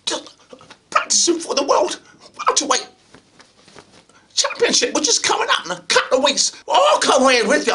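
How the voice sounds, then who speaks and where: A man voicing a boisterous boxer at an acting audition, talking loud and high. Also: exaggerated voice. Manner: loud, excitable, shouting. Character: boisterous Scottish male boxer turned actor.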